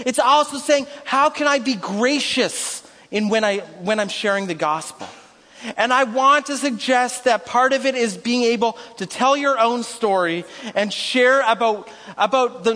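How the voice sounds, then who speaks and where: A male pastor with a very high, bright voice delivers a sermon in a church hall. He rambles and pokes fun at himself, then builds to rousing, shouted calls. A long reverb trails each phrase. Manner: rambling, self-deprecating, rises to rousing shouts.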